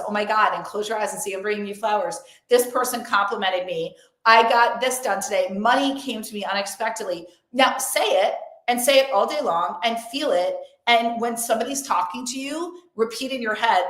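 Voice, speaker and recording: A woman's voice: fairly high pitch, brisk, hardly any pauses, a bit bright. A young woman coaching her audience through a live-streamed motivational talk. She speaks in an emphatic, effusive way and keeps repeating upbeat affirmations. Her voice carries a noticeable roomy echo. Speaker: motivational coach hosting an online event.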